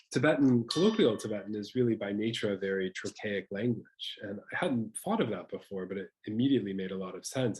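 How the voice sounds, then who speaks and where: A man's voice: fairly low pitch, a little mellow, rough recording. A man giving an academic lecture, explaining patiently with small restarts and fillers.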